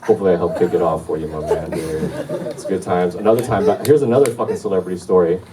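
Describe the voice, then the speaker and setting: A man in his forties doing a loose, swearing stand-up set and telling stories, with sudden shouted impressions. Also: deep voice, fast. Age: 40s. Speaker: stand-up comedian. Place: club or hall with a live crowd. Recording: distant mic in a roomy hall, loud crowd.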